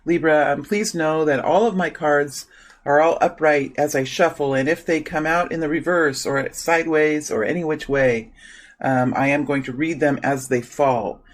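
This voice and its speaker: A man doing a solo tarot reading, speaking softly and repeating invocations while shuffling, with his morning voice. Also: a little high, steady tone, moderate pace, low-quality recording. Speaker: tarot reader.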